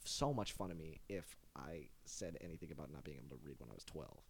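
A man's voice: rumbling low, expressive, fast talker, a little hiss or hum. A man co-hosting a casual podcast, chatting loosely and joking around with his friend. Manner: joking, loose, laughs often. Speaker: podcast co-host. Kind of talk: casual chat.

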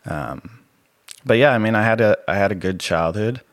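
Very deep, soothing-voiced man. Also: moderate pace, no echo, studio quality. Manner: relaxed, rambling, many fillers. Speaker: podcast guest. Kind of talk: casual personal testimony.

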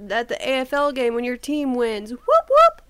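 A woman from the United States in casual chat, brash and quick to swear, playing up her outrage. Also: a little high, fairly even intonation, clear, resonant tone. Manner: brash, swears freely, mock-indignant.

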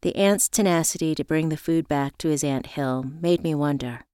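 A woman narrating a first-person story in a reflective, measured way. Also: sits low, dark tone, clean tone, dry recording, studio quality.

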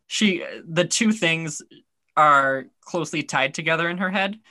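Bright-voiced podcast co-host, dry close mic. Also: mid-range voice, unhurried, dry recording. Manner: rambling, many fillers, wry asides. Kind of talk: casual discussion of a TV episode.

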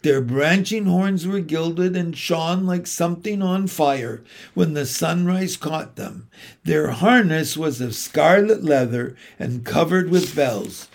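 A man reading a storybook aloud in a slow, measured and expressive way. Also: on the high side. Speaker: narrator.

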